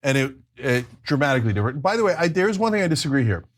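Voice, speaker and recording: A man's voice: mid-range voice, sing-song, racing. A middle-aged man co-hosting a political talk show, heated and mocking, slipping into silly voices to quote others. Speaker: show co-host.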